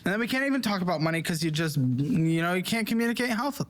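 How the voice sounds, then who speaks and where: A man's voice: high-pitched, sing-song, quick pace. A man hosting a finance advice show, confronting guests in a pointed, lecturing way and pressing them with questions. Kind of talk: confrontational interview.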